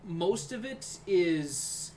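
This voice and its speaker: A man's voice: high-pitched, expressive, drawn-out words, mellow, a little hiss or hum. A man narrating as game master in a casual, rambling way.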